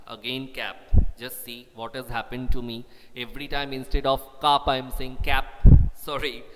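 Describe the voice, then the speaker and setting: A man's voice: medium pitch, moderate pace, bright, forceful tone, long reverb tail. A man teaching a live grammar lesson, patiently repeating example sentences for his pupils. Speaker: school English teacher.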